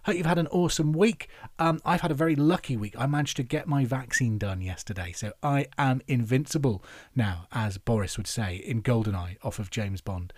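A man from England hosting a trivia podcast, chatty and upbeat, reading out each question slowly and then again. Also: medium pitch, no echo, clean studio sound. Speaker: quiz host.

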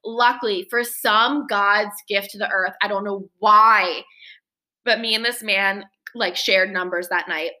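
A woman's voice: medium pitch, steady tone, unhurried, bright, forceful tone. A woman in her twenties, a podcast co-host, animatedly retelling a frantic story and acting out the quotes. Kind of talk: casual storytelling chat.

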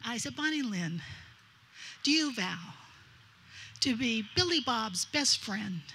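A woman from New telling a lively wedding story from her time as officiant, acting out the voices of the people involved. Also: fairly high pitch, takes it slowly, a little hiss or hum. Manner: lively, animated, quotes others in dialogue. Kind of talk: anecdotal storytelling.

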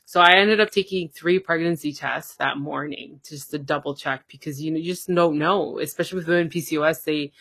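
A woman's voice: low voice, a little fast, hardly any pauses, fairly bright tone, dry recording, studio quality. Chatty woman telling a personal story. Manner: chatty, many fillers, acts out quoted dialogue. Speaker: podcast guest.

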